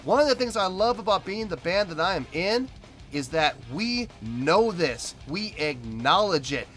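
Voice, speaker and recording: A man's voice: sits high, very animated, a little slow, fairly bright tone. A man hosting a music reaction video, talking emphatically and repeating himself as he rants.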